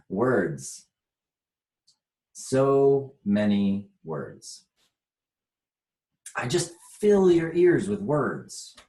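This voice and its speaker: A man's voice: mid-range voice, dark tone, echoey room. An American man leading a spiritual workshop talk, reflective and chuckling often as he teaches.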